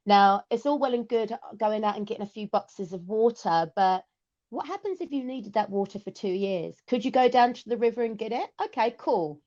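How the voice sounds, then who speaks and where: A woman's voice: on the high side, moderate pace, mellow, dull audio. A woman from England with an English accent, a podcast guest chatting casually and explaining things with lots of "okay" and "um".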